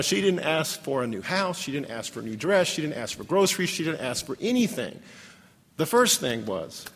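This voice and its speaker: A man telling an emotional story in a sermon, halting often and restarting his sentences. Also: mid-range voice, breathy edge. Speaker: ministry leader telling a story. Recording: echoey hall with long reverb.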